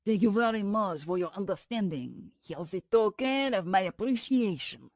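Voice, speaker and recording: A woman reading a smooth French-accented merchant. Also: medium pitch, lively intonation, moderate pace, darkish tone, no echo, clean studio sound. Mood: ingratiating. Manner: polite, ingratiating.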